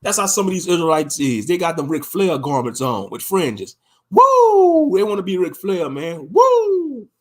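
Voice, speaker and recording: A man's voice: on the high side, animated, brisk, hardly any pauses. A man giving impassioned, scolding religious commentary, mocking the people he criticizes. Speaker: online commentator.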